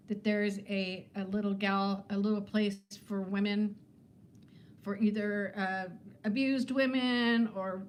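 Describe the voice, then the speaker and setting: A woman's voice: medium pitch, a little hiss or hum. A woman in her fifties who is a weight-loss vlogger, chatting casually with viewers on a livestream in a rambling way and laughing often. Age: 50s.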